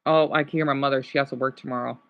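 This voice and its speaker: A man's voice: mid-range voice, fairly even intonation, rapid-fire, creaky, lo-fi sound. A man from Arizona, chatting casually with livestream viewers in a rambling, emotional, apologetic way. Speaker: livestream host.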